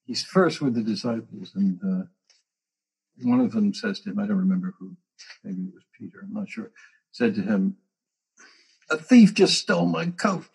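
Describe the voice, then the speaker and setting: A man with a gravelly, very raspy voice telling stories with animated, dramatic asides in a casual spiritual conversation. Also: on the low side, moderate pace.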